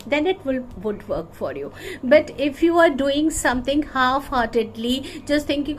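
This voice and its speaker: An Indian woman English teacher speaks with an Indian English accent, pitched a little high. She coaxes and advises the viewer directly, earnest and insistent. A faint hiss of noise sits under her voice. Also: animated, a little slow, rough recording. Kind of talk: spoken English lesson to camera.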